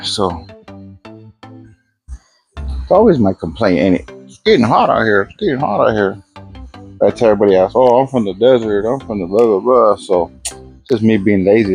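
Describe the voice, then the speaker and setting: Fairly low in pitch and darkish in tone, this older man's voice comes through as he works on a fridge outside his garage. He chats casually into his phone camera for a day-in-the-life vlog, rambling, easygoing, and talking to himself as he works.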